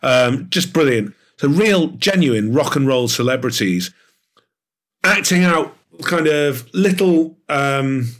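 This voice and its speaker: A man being interviewed as an author, talking in an animated, enthusiastic way with plenty of fillers. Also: medium pitch, slow pace. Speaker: author and guest. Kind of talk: podcast interview.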